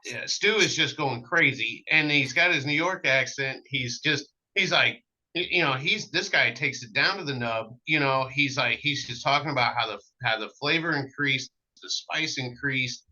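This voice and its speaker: Man guest, storyteller, very bright tense voice, dull lo-fi sound, lots of ums and restarts. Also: medium pitch, moderate pace. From American Midwest. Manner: animated anecdotes with many fillers and restarts. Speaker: cigar maker, guest. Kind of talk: casual storytelling interview.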